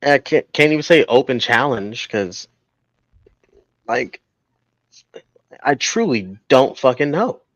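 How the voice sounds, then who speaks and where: A man's voice: medium pitch, animated, slow, long pauses, no room sound. A man co-hosting a casual wrestling podcast, blunt and swearing freely. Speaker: podcast co-host. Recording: dry, dull lo-fi audio.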